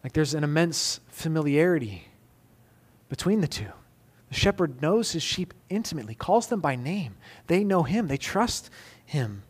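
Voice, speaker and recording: A man preaching a sermon in a somewhat high voice. He swings from forceful, emphatic declarations to quiet, close questions aimed at the listener. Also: very animated, moderate pace, slightly rough. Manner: emphatic, rising to loud peaks then dropping soft and intimate. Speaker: pastor.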